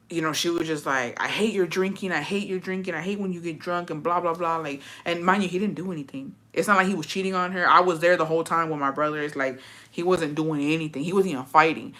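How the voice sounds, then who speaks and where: A woman's voice: deep voice, bright, forceful tone. A woman telling a family story in a casual, blunt way, swearing a lot and slipping into Spanish phrases. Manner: profane, blunt, slips into Spanish. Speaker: vlogger.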